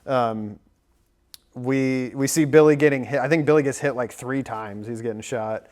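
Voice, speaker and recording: A man's voice: mid-range voice, moderate pace, a little mellow. A man in his thirties recapping a movie on a casual podcast, rambling with plenty of fillers and likes. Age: 30s. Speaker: podcast co-host.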